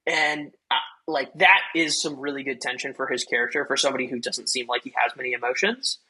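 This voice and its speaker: A man's voice: medium pitch, brisk, bright, forceful tone, husky, rough recording. A man hosting a casual film review chat, rambling loosely with many fillers and acting out quoted lines. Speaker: podcast host.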